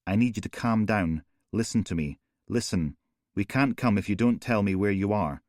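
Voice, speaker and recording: A man's voice: on the low side, normal speed, a little mellow, dry recording, studio quality, close to an everyday voice. A man voicing a police emergency operator, firm, insistent and controlled.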